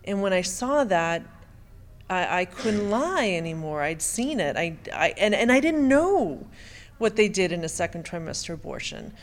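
A middle-aged woman giving an emotional personal testimony, halting and often restarting her sentences. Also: fairly low pitch, very animated. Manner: halting, with frequent stammered restarts.

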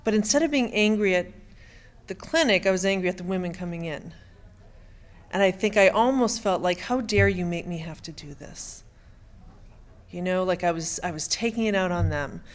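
Halting middle-aged woman telling her story. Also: on the low side. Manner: halting, with frequent stammered restarts. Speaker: speaker giving personal testimony. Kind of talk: emotional personal testimony.

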